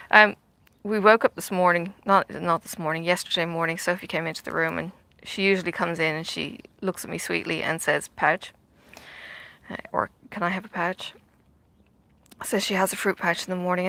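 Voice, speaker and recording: A middle-aged woman vlogger chats casually while stitching outdoors in the sun, her low-ish voice bright and forceful with vocal fry. She rambles with many fillers and drops into half-whispered asides, recorded with no room sound.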